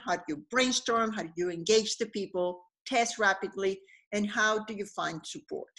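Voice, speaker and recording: A middle-aged woman presenting a business webinar, telling stories in an animated way with frequent fillers and restarts. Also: medium pitch.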